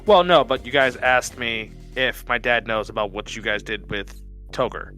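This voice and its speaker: A man's voice: mid-range voice, normal speed, sharp tone, faint music behind. Rambling, reassuring man at a game table. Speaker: player. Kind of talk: casual in-character tabletop play.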